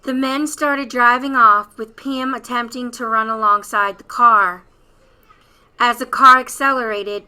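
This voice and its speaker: Bright-voiced woman narrating true crime. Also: fairly high pitch, clean tone, low-quality recording. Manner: steady, plain read-aloud delivery. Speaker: host of a true-crime channel.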